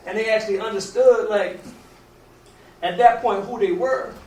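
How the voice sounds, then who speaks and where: A man's voice: high voice, moderate pace, darkish tone. A man casually telling a long story aloud, rambling with many restarts and loose grammar. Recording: roomy, distant, faint background noise.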